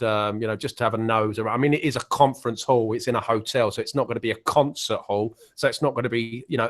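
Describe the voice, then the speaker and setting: A man's voice: medium pitch, fairly bright tone. An Englishman chatting on a video call as a guest musician, rambling and self-deprecating, with many restarts. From England. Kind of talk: casual online panel chat.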